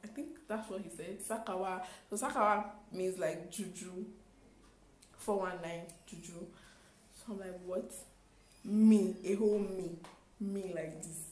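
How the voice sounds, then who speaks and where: A young woman, telling a storytime in an animated, exclaiming way with acted-out quotes. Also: mid-range voice, reverberant, a little hiss or hum, low-quality recording. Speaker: vlogger. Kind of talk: storytime vlog.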